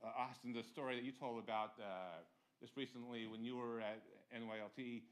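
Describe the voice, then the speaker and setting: A man, a scout leader, recalling memories at a church ceremony, halting with many fillers. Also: medium pitch, steady tone. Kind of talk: informal speech at a ceremony.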